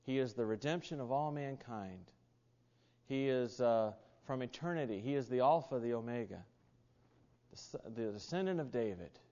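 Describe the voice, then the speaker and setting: A man's voice: medium pitch, animated, normal speed, warm tone. Folksy preacher man in an echoing hall. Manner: folksy storytelling, many fillers and restarts. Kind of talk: sermon with personal anecdote. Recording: dull sound in a reverberant hall.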